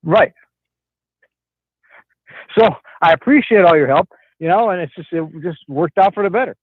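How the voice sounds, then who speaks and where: A man's voice: high-pitched, lively intonation, normal speed, slightly rough. A man from Connecticut calling in to a talk show, telling a story in a rambling way with many restarts. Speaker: caller. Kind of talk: casual phone-in chat. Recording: tinny phone line.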